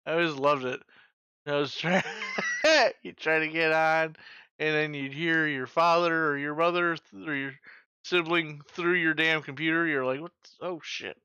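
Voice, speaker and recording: A man's voice: on the high side, steady tone, measured pace, long pauses, bright, forceful tone, clean tone, no echo, highs cut off. A man in his forties hosting a trivia night in casual chat, joking, swearing freely and making sound-effect noises. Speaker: trivia host.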